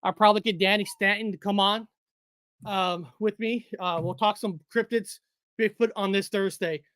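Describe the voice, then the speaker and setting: A woman's voice: medium pitch, fairly even intonation, normal speed, a bit bright, dry recording, clean studio sound. A woman hosting a casual livestream, rambling and repeating her words, laughing often and a little out of breath. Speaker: livestream host.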